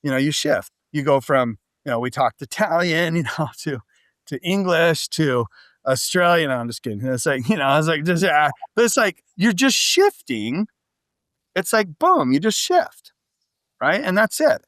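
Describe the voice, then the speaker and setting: Male podcast guest, slightly high voice, lively storyteller, dry close mic. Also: normal speed, no echo. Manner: animated storytelling, frequent "like" and "right?". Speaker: podcast guest, business coach. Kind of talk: casual interview talk.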